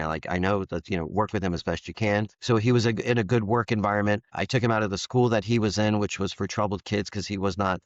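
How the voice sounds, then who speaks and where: A man in his fifties talks earnestly through a personal story, his voice very low and steady. He slips into the voices of the people in the story as he goes. The sound is dry and a little muffled. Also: dry recording. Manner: earnest, candid, acts out quoted dialogue. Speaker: interview guest, foster parent.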